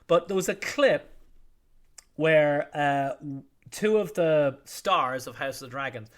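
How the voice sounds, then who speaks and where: Speaking slowly at a fairly high pitch, this middle-aged podcast host runs through the news in a casual monologue. His style is irreverent and wry, with plenty of profanity and quotes performed in character.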